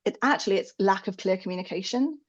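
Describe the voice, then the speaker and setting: A woman speaks as a guest in a casual interview about her field. Her talk is frank and animated, with the odd swear word. The recording sounds somewhat dull and lo-fi, and her pitch sits in a middle range. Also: fast. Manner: candid and animated, swears freely, often laughs. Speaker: dog behavior expert, podcast guest.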